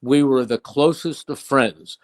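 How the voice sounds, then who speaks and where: A man's voice: mid-range voice, a little slow. An older man, a veteran broadcaster, telling fond anecdotes in an interview with emphatic, storytelling delivery. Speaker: play-by-play broadcaster.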